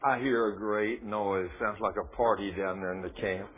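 A preacher putting on a deep stern God. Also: male voice, steady tone, crowd noise, close to an everyday voice. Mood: solemn. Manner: slow, solemn and commanding. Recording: tinny phone-like radio broadcast.

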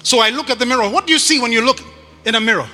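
A man preaching a sermon to a congregation, emphatic and often shouting, repeating his phrases for effect. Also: extremely high pitch, racing, big-room sound.

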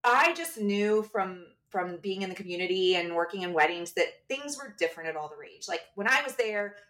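Woman, podcast co-host, casual storytelling, animated, mid pitch, a bit far from the mic. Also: a little fast. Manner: animated, acts out quoted dialogue. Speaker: podcast co-host and bridal shop owner.

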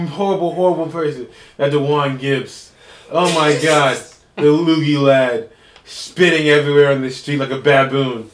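A man co-hosting a casual podcast, joking loudly and repeating himself. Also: on the high side, moderate pace. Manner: loud joking, repeats words. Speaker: podcast co-host. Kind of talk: casual banter. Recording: echoey room with faint noise.

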